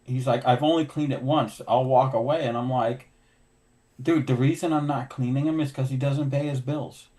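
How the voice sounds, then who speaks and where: Middle-aged male host, everyday mid pitch, animated storyteller who voices the people in his anecdotes. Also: moderate pace. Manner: animated storyteller acting out dialogue. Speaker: podcast host, window cleaner. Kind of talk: casual storytelling chat.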